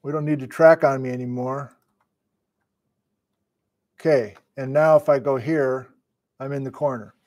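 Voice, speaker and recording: A man's voice: mid-range voice, fairly even intonation, a little slow, pauses often, a little mellow. Flustered middle-aged man lecturing live. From Wisconsin, USA. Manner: flustered, thinking aloud, self-talk. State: sleep deprived. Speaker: geology lecturer. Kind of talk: casual live-stream lecture.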